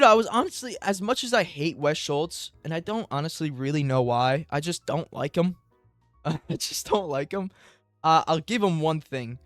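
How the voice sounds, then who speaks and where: A young man rambles through a candid fight recap, his voice a touch high and smooth. It sounds close and dry, with faint music playing underneath. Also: no echo. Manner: rambling and candid, with frequent filler words. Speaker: MMA commentary YouTuber. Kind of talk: casual solo fight recap.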